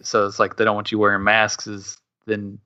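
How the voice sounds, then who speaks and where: A man's voice: fairly low pitch, monotone, moderate pace, bright, forceful tone, dull audio. A man chatting on a casual podcast, rambling and hesitant with many fillers. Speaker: podcast co-host and quiz contestant.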